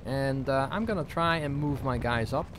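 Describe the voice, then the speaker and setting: A man's voice: medium pitch, normal speed, noisy background. A man giving casual let's play commentary, rambling and self-deprecating with many fillers, over game audio. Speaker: gaming YouTuber. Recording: game music and battle sounds behind.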